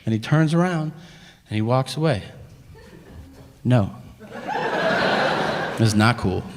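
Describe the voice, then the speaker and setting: A man's voice: medium pitch, lively intonation, takes it slowly. Exasperated, profane male stand-up comedian. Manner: profane, incredulous, exasperated storytelling. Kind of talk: stand-up storytelling. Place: live comedy venue. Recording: live hall reverb, faint room ambience.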